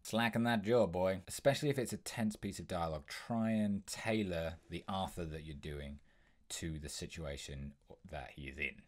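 Low-voiced young man teaching impressions. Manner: brisk, instructive, with frequent ums. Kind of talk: tutorial explanation.

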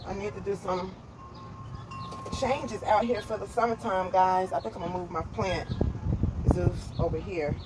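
A woman's voice: medium pitch, fairly even intonation, moderate pace, pauses often, noisy background. A woman chatting casually to her viewers in a home vlog. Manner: chatty, talks straight to viewers. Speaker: vlogger. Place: home and backyard. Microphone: camera mic. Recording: roomy echo from far off.

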